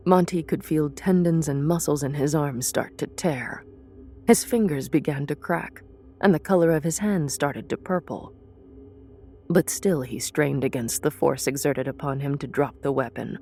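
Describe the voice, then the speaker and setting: A woman narrating a fantasy story in a measured, deliberate way. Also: deep voice, lively intonation, gravelly, a little mellow, soft background music. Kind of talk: audiobook narration of a fantasy serial.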